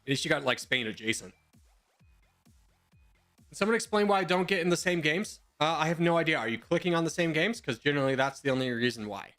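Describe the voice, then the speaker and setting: Young male streamer rambling and joking with chat, slightly high voice, soft music underneath. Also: lively intonation, fast. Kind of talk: casual live-stream chat with viewers. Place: home.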